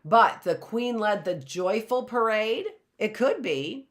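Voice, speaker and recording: A middle-aged woman teaching an online phonics lesson, explaining slowly and sounding out letters and words. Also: mid-range voice, lively intonation.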